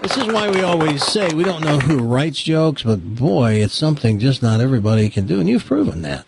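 A man's voice: on the high side, very animated, a little fast, gravelly, crowd noise. A man hosting a call-in radio show, wry and teasing with callers. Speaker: radio host.

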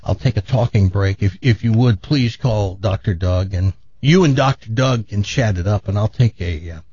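A man hosting a radio talk show, telling a long joke in a casual, animated way, his jaw sore after dental work. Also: lowish voice, normal speed, husky, dry recording, muffled recording. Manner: animated joke-telling, laughs at own story.

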